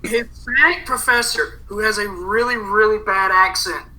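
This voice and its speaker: A man's voice: high-pitched, normal speed, pushed and bright, rough recording. A tired young man chatting as a podcast guest, sarcastic and swearing often, talking over a headset on a call. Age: young adult. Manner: sarcastic, swears a lot, complains wearily. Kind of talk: casual podcast chat.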